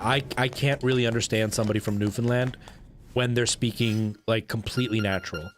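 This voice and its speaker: A man livestreaming a game, rambling and thinking aloud in casual chat and greeting viewers. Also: mid-range voice. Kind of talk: casual live-stream chat while gaming. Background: game music.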